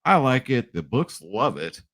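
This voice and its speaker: A man's voice: mid-range voice, very animated, unhurried, fairly bright tone, dry recording. A young man casually talking through his sports betting picks, chatty and upbeat, often checking in with his viewers. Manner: chatty, upbeat, says "right?" and "guys" a lot. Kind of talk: casual picks video talk.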